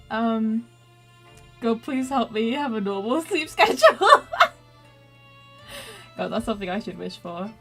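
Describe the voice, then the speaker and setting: A woman's voice: a little high, fairly bright tone. A young woman streamer chatting casually while playing a story game, giggling often and teasing herself as she reads game text aloud. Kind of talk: casual gaming commentary.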